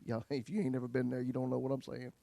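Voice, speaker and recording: A male pastor telling his own story in a sermon, folksy, swinging between loud bursts and hushed lines. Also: medium pitch, level tone, fast talker, gravelly, dry recording.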